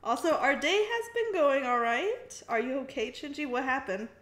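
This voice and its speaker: A chatty, giggly woman with a high, bright voice, co-hosting a relaxed art stream and reading chat aloud. The room around her rings with a noticeable echo. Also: normal speed. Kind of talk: casual livestream chat.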